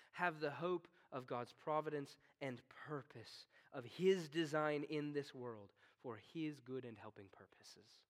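A man preaching a sermon, swinging from hushed, slow tones to stern, rising commands. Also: medium pitch. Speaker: pastor.

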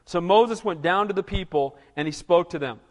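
A male pastor delivers an emphatic sermon, often turning to the congregation for agreement. His voice sits high for a man. The sound rings with the long reverb of a large hall. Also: normal speed. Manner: emphatic preaching, frequent "you know" and "Amen?".

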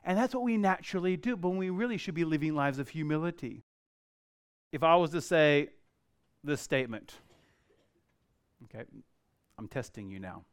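A middle-aged man preaching a sermon in a church, acting out the quoted voices and swinging from loud to very quiet. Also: a little high, animated, moderate pace, long pauses, clear, resonant tone, no echo, studio quality. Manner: dramatic, acts out quoted voices, varies loudness widely. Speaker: pastor.

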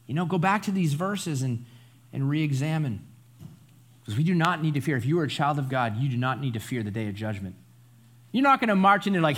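A man's voice: a little high, animated, brisk, a bit bright. A man preaching a Bible study sermon in a conversational, emphatic way, often adding asides and tag questions. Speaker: pastor.

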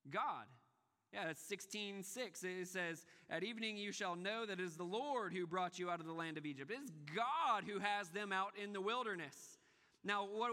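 A man's voice: sits high, sharp tone, big-room sound. A man preaching a sermon, asking rhetorical questions and driving points home with emphatic repetition. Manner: emphatic, rhetorical questions, repeats words when restarting. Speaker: pastor.

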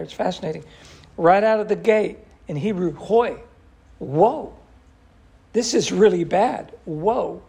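A man leads a Bible study in a gravelly, husky voice. He quotes scripture with animation and keeps turning to his class with questions. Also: high voice, warm tone. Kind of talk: interactive Bible study teaching.

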